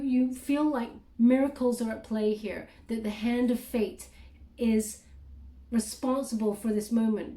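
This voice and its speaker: Tarot reader, woman, slightly high and mellow, halting think-aloud delivery, roomy echo. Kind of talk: casual spoken tarot reading.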